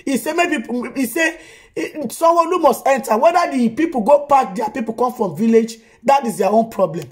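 On her own vlog, a woman reacts to the news with casual commentary in a Nigerian Pidgin English accent. Her high voice is animated and fairly quick, and she speaks exclamatorily, ending phrases with an emphatic "o".

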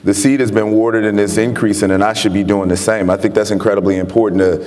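A man from Chicago, appearing as a guest author in an onstage interview before an audience, tells his story earnestly and laughs often. His voice is lowish and darkish, with a level tone and a quick pace. The lecture hall gives the recording a long reverb.

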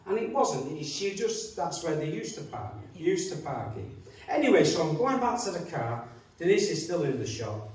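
Lively pastor, echoing hall. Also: male voice, a little high, moderate pace, few pauses. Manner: chatty anecdotes with acted-out quotes. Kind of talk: storytelling sermon. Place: church hall. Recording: echoey church hall from far off.

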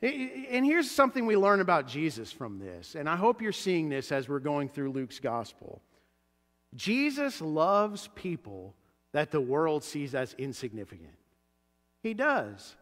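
A man preaching a sermon as pastor, animated and acting out the voices he quotes. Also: fairly high pitch, measured pace. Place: church sanctuary. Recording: church hall reverb.

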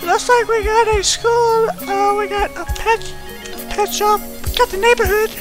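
Unhurried shrill eleven-year-old boy gamer, as a performer puts him on, rambling, easily shocked, staged gameplay commentary, faint music behind. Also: fairly even intonation, poor audio. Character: eleven-year-old boy playing a game for the first time.

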